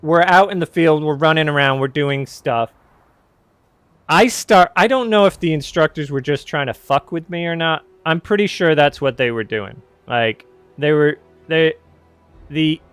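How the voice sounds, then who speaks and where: A man's voice: fairly high pitch, fairly bright tone, clean tone, dry recording. A man casually telling a personal story on his podcast, rambling and correcting himself with wry candor.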